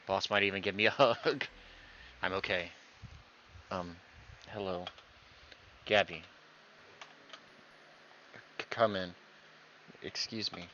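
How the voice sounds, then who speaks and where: A man's voice: deep voice, steady tone, slow, pauses often, pushed and bright, slight background noise. A man reading visual novel dialogue aloud, voicing every character himself and acting out the stammers. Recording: dull lo-fi recording.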